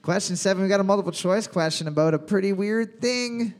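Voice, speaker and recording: A man hosting a trivia quiz, calling out questions loudly and cracking crude jokes between rounds. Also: high-pitched. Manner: loud announcing, crude jokes, slows on answer options. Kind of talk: bar trivia hosting with joking banter.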